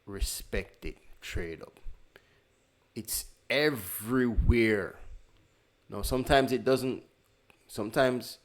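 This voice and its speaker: This trading teacher speaks slowly at medium pitch, pausing often. His screen-share lesson is casual and conversational, and he repeats important phrases and corrects himself as he talks.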